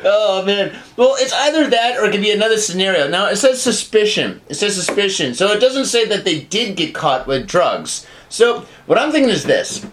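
A man with a high voice co-hosts a comedy podcast. He talks in a loose, profane, rambling way, spinning off into jokey tangents and little acted-out bits. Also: big pitch swings, brisk, few pauses, fairly bright tone. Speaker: podcast co-host. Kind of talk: casual comedic chat.

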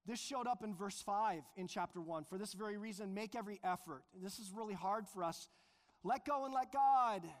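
A man preaching a sermon as pastor, earnest and emphatic, slowing down to stress key phrases. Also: high voice. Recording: long reverb of a large hall.

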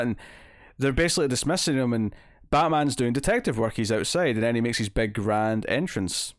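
A man's voice: mid-range voice, animated, fairly quick, dry recording, clean studio sound. Rambling man talking comics. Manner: rambling, many fillers and restarts, acts out quotes. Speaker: podcast co-host. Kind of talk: casual comic book discussion.

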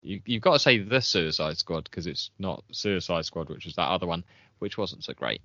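A man, co-hosting a casual chat podcast, chatty and quick to laugh. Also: deep voice, lively intonation, sharp tone, no room sound, dull audio. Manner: chatty, laughs often, trails off. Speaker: podcast co-host.

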